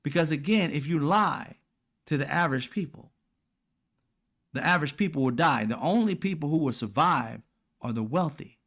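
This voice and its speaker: A man's voice: on the high side, expressive, moderate pace, fairly bright tone. A man, giving blunt, profane, heated political commentary as a host in casual speech.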